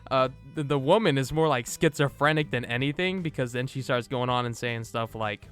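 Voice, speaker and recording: This movie reviewer talks a little fast with hardly any pauses, his medium-pitched voice a bit bright against faint music. His loose retelling of the plot is full of swearing, laughter and acted-out lines.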